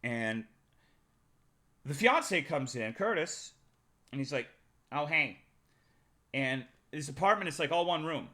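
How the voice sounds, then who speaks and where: A male streamer telling a rambling, profane personal story to his live chat, swinging between loud bursts and muttering. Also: fairly high pitch, animated, unhurried, pauses often. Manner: profane, rambling anecdote with big swings in loudness.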